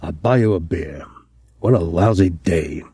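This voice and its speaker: Gruff middle-aged club trainer, low murmur, blunt street slang, weary, dark dry tone, voiced by a male reader. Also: a little slow, no room sound, full character voice.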